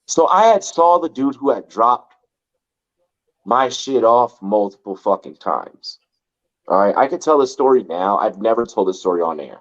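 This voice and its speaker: Rambling, profane man from LA, lo-fi. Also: on the low side. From Los Angeles. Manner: rambling and profane, heavy use of "like". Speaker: podcast host. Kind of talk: casual storytelling chat.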